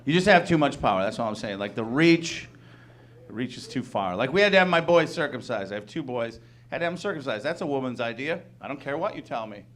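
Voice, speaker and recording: A man in his thirties performing a stand-up comedy set, talking conversationally and acting out quick incredulous bits of dialogue. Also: mid-range voice, expressive, a bit bright. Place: comedy club stage.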